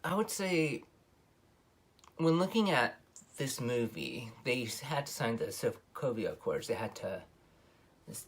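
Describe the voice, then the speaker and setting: Husky low-voiced man rambling about films. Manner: rambling, many ums and self-corrections. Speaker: movie reviewer. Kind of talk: casual spoken film review.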